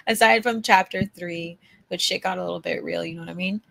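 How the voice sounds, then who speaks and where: A woman's voice: lowish voice, steady tone, brisk, gravelly, fairly bright tone. A woman hosting a casual live-stream chat who is playful, laughs often and swears casually, speaking into a mic on a stand. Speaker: host.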